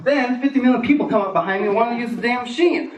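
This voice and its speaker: A man performing a stand-up comedy routine on a small stage, animated and jumping into squeaky voices for the people he quotes. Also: racing, dull audio. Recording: echoey room from far off, noisy.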